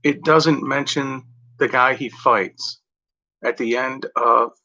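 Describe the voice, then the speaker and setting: A man's voice: mid-range voice, fairly even intonation, takes it slowly, bright, forceful tone. A man chatting casually in a meandering way, full of "like" and "you know" and correcting himself as he goes. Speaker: vlogger. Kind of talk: casual rambling chat. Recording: dull lo-fi home recording.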